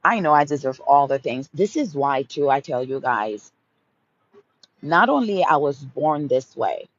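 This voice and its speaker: Her voice rumbles low, animated yet unhurried, over dull audio. The woman, who has a Haitian accent, hosts a live motivational Q&A, emphatically affirming listeners with repeated mantras and calling them honey and baby.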